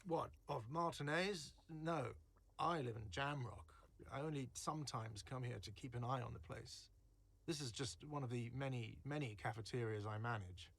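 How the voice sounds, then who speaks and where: A petulant cafeteria manager. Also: male voice, medium pitch, normal speed, fairly bright tone. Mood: irritable. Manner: curt, irritable. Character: grumpy male cafeteria manager, defensive and petulant.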